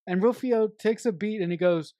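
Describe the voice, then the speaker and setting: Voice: medium pitch, normal speed, no room sound. Rambling movie podcast co-host, dry sound. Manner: rambling with restarts, shares trivia, shouts quoted lines. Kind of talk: casual film review chat.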